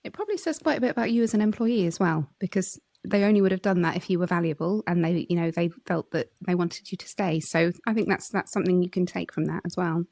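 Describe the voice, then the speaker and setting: A woman's voice: fairly low pitch, fast, vocal fry, hardly any pauses, darkish tone, no room sound, clean studio sound. A woman hosting a podcast, making supportive, reflective remarks to her guest. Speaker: podcast host. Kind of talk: conversational interviewing.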